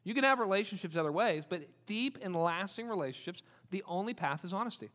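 A bright, high-pitched male pastor delivers a sermon with animated, repeated emphasis. His voice rings through the long reverb of a large hall. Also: fast. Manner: animated, repeats points for emphasis, acts out quoted people.

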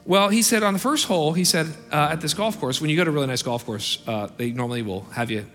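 A man preaching a sermon as pastor, telling a story with animated emphasis and soaring pitch on key points. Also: fast, faint music behind. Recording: long reverb in a large hall.

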